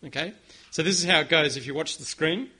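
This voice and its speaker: A man delivers a sermon in a high, bright voice. He speaks with earnest conviction and leads his listeners in a call-and-response. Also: brisk, breathy edge. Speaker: pastor.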